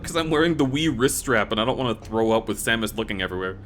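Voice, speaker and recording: A man's voice: lowish voice, fast talker, few pauses, a bit bright, a little hiss or hum. Effusive male variety streamer. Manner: effusive, thankful, rambling with restarts. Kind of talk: live-stream chat while gaming.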